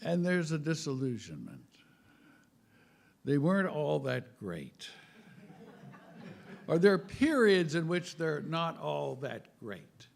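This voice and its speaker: Slow, gravelly man; wry spiritual speaker who pokes fun at himself. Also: on the high side, sing-song. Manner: wry, self-mocking, with chuckles; halting, repeats words. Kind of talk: humorous spiritual talk.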